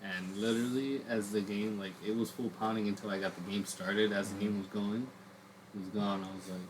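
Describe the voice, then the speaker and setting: A man's voice: on the low side, flat delivery, brisk. A man co-hosting a casual podcast chat, joking and swearing freely. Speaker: podcast co-host. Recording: noisy background hiss.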